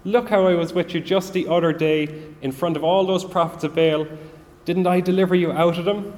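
A man's voice: high voice, steady tone, a little fast, a little mellow, voice pushed up, lightly acted. A man voicing God in a sermon, asking pointed, rebuking questions. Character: God rebuking a frightened prophet, stern male voice. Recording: long reverb of a large hall.

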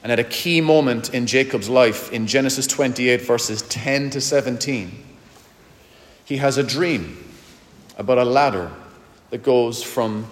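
Man, pastor, earnest sermon, mid pitch, reverberant church hall. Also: unhurried. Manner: earnest, speaks straight to listeners, reads scripture aloud.

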